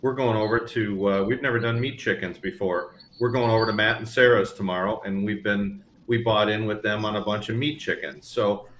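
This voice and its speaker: A man co-hosting a casual farm livestream, his voice a touch low and carrying a roomy echo. He talks in a loose, rambling, easygoing way and pokes fun at himself. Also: steady tone, a little fast, hardly any pauses, fairly bright tone, a little hiss or hum. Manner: easygoing, rambling, self-deprecating. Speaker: livestream co-host. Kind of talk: casual chat.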